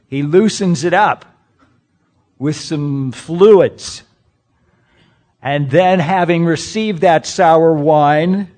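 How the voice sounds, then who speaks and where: A man preaching a sermon, emphatic and full of rhetorical questions, swinging between loud and hushed. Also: a little high. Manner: speaks to the congregation directly. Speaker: pastor.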